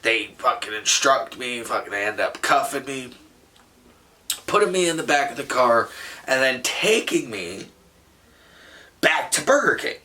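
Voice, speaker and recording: A man's voice: mid-range voice, big pitch swings, a little slow, long pauses, pushed and bright, far from the mic. A man casually telling a story from his teen years, rambling and swearing with lots of slang and filler words. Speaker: storyteller vlogger.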